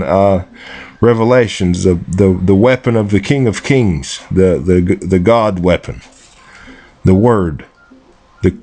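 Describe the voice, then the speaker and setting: A man talking slowly and deliberately over a screen recording, often repeating himself and spelling things out. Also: on the low side, a little mellow. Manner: slow and deliberate, repeats words, spells out pronunciations. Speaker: self-made video presenter. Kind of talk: slow screen-recorded walkthrough.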